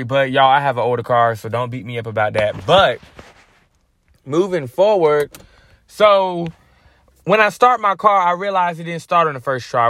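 A man telling a personal faith testimony to his podcast listeners. His voice sits slightly high, and he talks in a loose, slangy way, often restarting sentences. The recording is dry and close. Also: pushed and bright, no echo. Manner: casual storytelling with slang and restarts. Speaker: podcast host.

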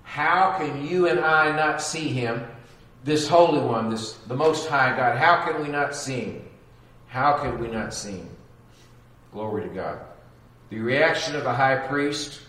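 A man's voice: medium pitch, measured pace, a bit bright. Echoey far-off male pastor preaching. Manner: dramatic, acts out quotes and sound effects. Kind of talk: sermon. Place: church sanctuary. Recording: echoey church recorded from afar.

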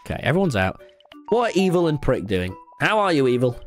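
A young Englishman streaming a game in loud, excitable casual chat, swearing freely. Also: brisk, soft background music. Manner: loud, excitable, swearing, jumping into squeaky baby talk.

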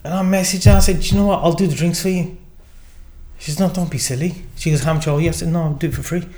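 A man's voice: a little high, fairly even intonation, quick pace, dark tone. A middle-aged man telling a story as an interview guest, acting out the quoted lines with many fillers. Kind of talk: casual storytelling.

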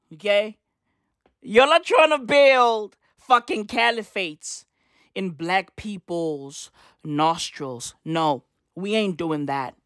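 A woman delivering a comedic rant to camera, loud and profane, with shouted bursts and slang asides. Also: medium pitch, no room sound, studio quality. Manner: heavy use of slang asides. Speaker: commentator.

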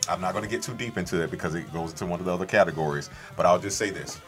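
A man co-hosting a podcast, rambling excitedly about films, swearing often and breaking into loud impressions. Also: deep voice, racing, soft background music. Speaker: podcast co-host. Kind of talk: excited film chat.

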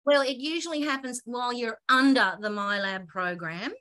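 A woman, a guest on an interview, telling her story in an animated, excitable way, often breaking off and restarting sentences. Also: on the high side, normal speed. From Australia.

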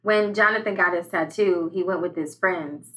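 A woman chatting casually with her siblings, telling family stories in an animated way and acting out what people said. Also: on the low side, moderate pace, reverberant, recorded from a distance. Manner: animated storyteller acting out quotes.

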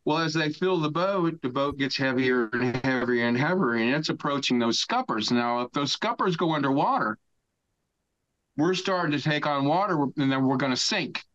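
A podcast guest in his sixties tells a long story casually and with animation, swearing freely and shouting the lines he quotes. His voice is on the high side at normal speed, and the audio sounds dull.

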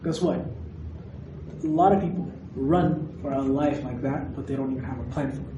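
A man preaching a sermon, animated and questioning his audience directly. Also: medium pitch, moderate pace, muffled recording, noisy background. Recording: echoey hall recorded from a distance.

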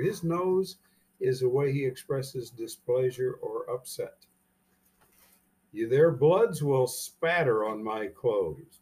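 Slow, husky man reading scripture. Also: mid-range voice, expressive, a little mellow. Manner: slow, deliberate reading with emphatic rhetorical questions. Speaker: Bible teacher. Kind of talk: verse-by-verse scripture commentary.

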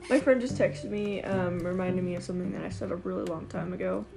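A woman's voice: on the low side, fast, vocal fry. A young woman co-hosting a casual chat, playful and giggly, jumping in often. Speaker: co-host. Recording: loud music behind.

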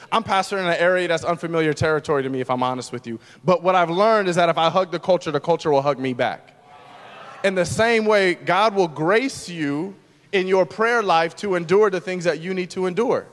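A man pastor preaching a sermon, moving between loud, emphatic lines and hushed, quiet ones. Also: high voice, a little fast, long reverb tail.

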